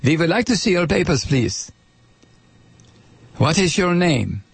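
A man's voice: fairly high pitch, very animated, unhurried, gravelly, slightly rough, dry recording, heavily acted. A man voicing a stern male German border officer with a mock German accent, asking clipped, suspicious questions. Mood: interrogating.

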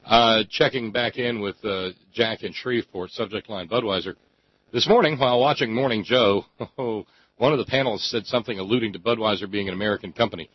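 A man hosting a radio call-in show, talking emphatically with drawn-out phrasing and many fillers. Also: on the low side, slightly rough, dry recording. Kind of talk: talk radio monologue and call-in chat. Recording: dry, slightly dull radio studio sound.

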